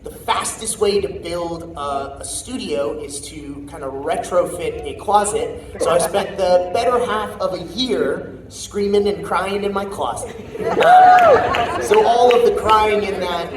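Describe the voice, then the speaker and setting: A voice actor answering fan questions at a convention panel in a casual, chatty way, laughing often. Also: male voice, high-pitched, big pitch swings, measured pace. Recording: echoey hall, distant mic, crowd noise.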